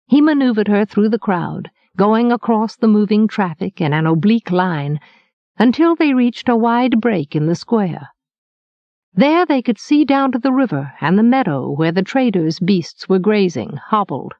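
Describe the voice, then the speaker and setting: A woman reading an audiobook as narrator, with expressive, measured storytelling. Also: medium pitch, dry recording, lo-fi sound. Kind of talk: scripted narration.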